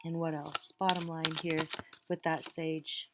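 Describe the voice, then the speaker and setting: Heavy background noise sits under this middle-aged tarot reader's low-pitched, level voice as she talks unhurriedly. She addresses her viewers directly, casual and encouraging, like a warm pep talk.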